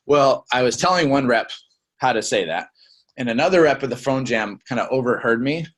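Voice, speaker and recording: A young man giving a casual sales training talk, acting out quick lines of customers and reps as examples. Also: medium pitch, animated, fairly bright tone, a little hiss or hum. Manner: conversational, acts out customer and rep lines.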